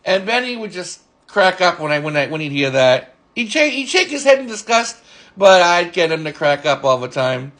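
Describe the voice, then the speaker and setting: A man in his forties telling rambling, halting stories about an old friend and coworker. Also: sits high, big pitch swings, a bit bright. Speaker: storyteller recalling a friend. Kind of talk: casual spoken reminiscence.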